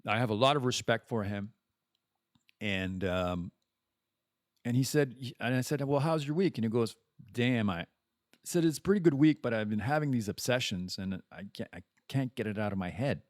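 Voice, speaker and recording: In clean studio sound without echo, a man hosting a podcast delivers a rambling, casual monologue with frequent restarts and an occasional swear word. He speaks at a medium pitch and moderate pace.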